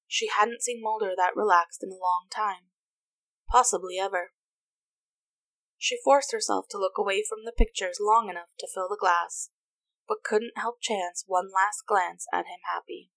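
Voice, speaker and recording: A woman reading a story aloud as narrator, in an even, unhurried manner. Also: medium pitch, creaky, dry recording. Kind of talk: reading fan fiction aloud.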